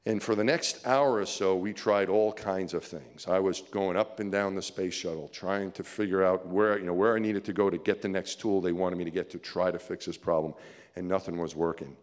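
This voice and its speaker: A middle-aged man telling a story to an audience as a keynote speaker, chuckling and swinging from hushed to excited. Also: low voice, moderate pace. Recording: reverberant hall.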